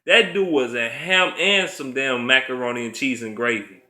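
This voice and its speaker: A man's voice: mid-range voice, moderate pace, pushed and bright. Man ranting bluntly in an echoey room. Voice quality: blunt, profane, laughs often. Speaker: vlogger. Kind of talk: profane casual rant. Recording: roomy echo.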